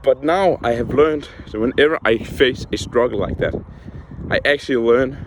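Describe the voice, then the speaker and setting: A man's voice: medium pitch, moderate pace, noisy background. Young man venting in a casual vlog. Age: young adult. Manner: frank, heated, swears often. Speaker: vlogger.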